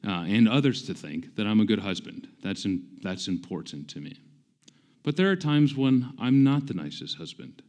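A man's voice: fairly low pitch, darkish tone. A pastor in his forties preaching a conversational sermon, emphatic and self-deprecating, often repeating himself for stress. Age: 40s.

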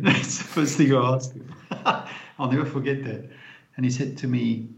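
A man's voice: medium pitch, normal speed, gravelly. A man speaking as an interview guest, telling his story in a blunt, frank way and often tagging his remarks with "eh?". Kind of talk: candid storytelling in conversation. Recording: roomy, dull lo-fi sound.

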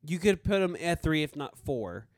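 Man, casual sports talk, fairly high voice, dry close sound, eager, stumbling restarts. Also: very animated, normal speed, no room sound. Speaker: podcast co-host.

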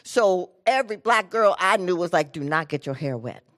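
Low-voiced woman telling a personal story. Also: normal speed. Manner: animated storyteller, drops to quiet low tones for emphasis. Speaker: inspirational speaker. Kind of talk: personal storytelling talk to an audience.

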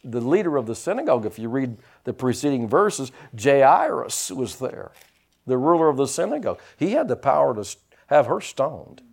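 A middle-aged man preaching a sermon, lively with teasing humor and asides. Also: medium pitch, normal speed, creaky, husky. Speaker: pastor.

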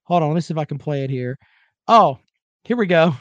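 High-voiced man rambling on sports talk. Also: animated, a little fast, no room sound, lo-fi sound. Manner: rambling, joking, fumbling for clips. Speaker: sports talk show host. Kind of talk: casual sports talk banter.

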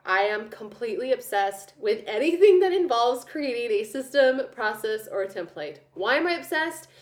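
A woman's voice: a little high, big pitch swings, moderate pace. A woman hosting her own podcast, giving upbeat, chatty business advice. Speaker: podcast host. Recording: roomy echo.

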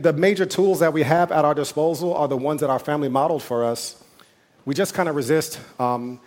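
A man preaching a sermon as pastor, talking in a conversational way with asides and quick quoted voices. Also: a little high, darkish tone.

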